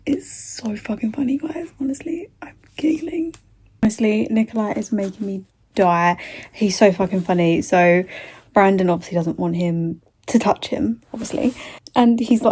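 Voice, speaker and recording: A young woman chatting casually in a reading vlog, giggly, with soft whispered asides. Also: mid-range voice, slightly rough. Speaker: book vlogger.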